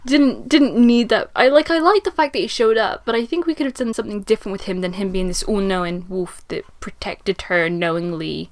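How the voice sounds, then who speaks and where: A young woman giving a casual spoken book review, chatty and animated, laughing often. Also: a little high.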